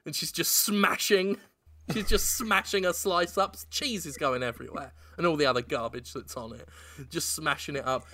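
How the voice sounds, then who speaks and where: A man in casual chat, deadpan as he makes up a silly movie plot scene by scene. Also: a little high, moderate pace. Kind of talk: improvised comedy storytelling.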